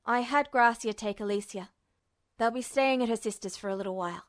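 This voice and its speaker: A woman reading the lines of a worried man, an officer and protective husband, in a low, subdued murmur. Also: brisk, a bit bright. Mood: grim, subdued.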